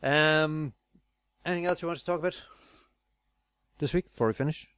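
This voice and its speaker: A man's voice: fairly high pitch, fairly even intonation, a little fast, a bit bright, smooth, dry recording. A man hosting a casual film review podcast, rambling with fillers and restarts and laughing easily. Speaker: podcast host.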